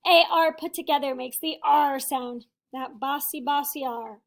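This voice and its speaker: A woman, a first-grade teacher, reading a picture book aloud to young children in an expressive, sing-song way. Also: sits high, a little slow.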